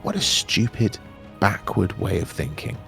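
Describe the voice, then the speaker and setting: Male guest, 30s, RP English accent, low and gravelly, candid and animated. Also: unhurried, faint music behind. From England. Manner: animated, candid, trails off and restarts. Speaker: interview guest, actor. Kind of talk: casual chat.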